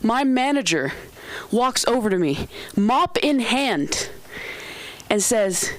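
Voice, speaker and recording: A woman's voice: fairly high pitch, slow. Young woman telling a stand-up story. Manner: animated storytelling with frequent laughs. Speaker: stand-up comedian. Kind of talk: stand-up comedy set. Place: comedy club stage. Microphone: handheld mic.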